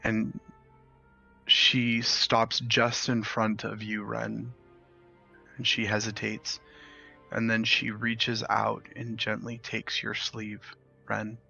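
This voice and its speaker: A man narrating slowly and deliberately as game master of a tabletop game. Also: on the low side, monotone, vocal fry, pushed and bright, breathy edge. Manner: slow, measured narration. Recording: slightly dull, lo-fi with faint music.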